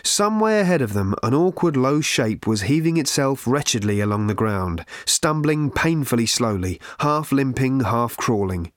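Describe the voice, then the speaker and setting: A man reading a novel aloud as its narrator, in a measured, dry manner. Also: mid-range voice, dry recording. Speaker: audiobook narrator. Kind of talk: scripted narration.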